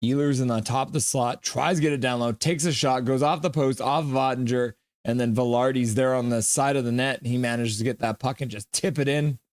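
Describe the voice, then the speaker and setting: A man hosting a live hockey watch-along stream, calling the plays casually, joking with chat and getting loud at goals. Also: mid-range voice, brisk, few pauses, no room sound. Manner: excitable, jokey, shouts at goals. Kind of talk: casual play-by-play and chat reading.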